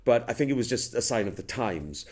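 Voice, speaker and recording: A man's voice: mid-range voice, animated, fairly quick, darkish tone. A middle-aged man with a Welsh accent, an actor telling stories in a casual interview, rambling with many restarts. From Wales.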